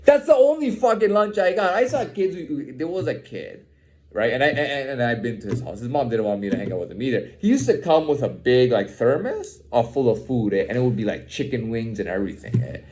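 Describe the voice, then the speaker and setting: Heated young man venting, profane and repetitive, with a lively voice. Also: medium pitch, brisk, slight background noise. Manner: heated, profane, repeats himself and says "man" a lot. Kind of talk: candid personal rant.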